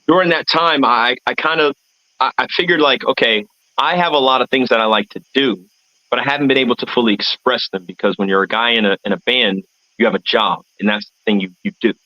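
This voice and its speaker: Bright-voiced American man telling his story. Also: mid-range voice, fairly quick, dry recording, highs cut off. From United States. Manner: rambling, earnest, searching for words. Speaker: guest, artist and event MC. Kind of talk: reflective interview storytelling.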